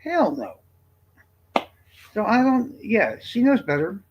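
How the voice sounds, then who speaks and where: Gravelly, blunt live-streamer man. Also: sits high, wildly swooping pitch, takes it slowly, lo-fi sound. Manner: blunt, exasperated, profane. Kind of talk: casual live-stream chat.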